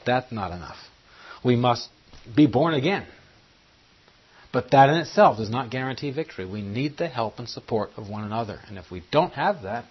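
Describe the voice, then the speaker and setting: A man's voice: mid-range voice, breathy edge. A man preaching a Bible-study sermon, teaching and putting questions to his listeners. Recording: muffled lo-fi recording.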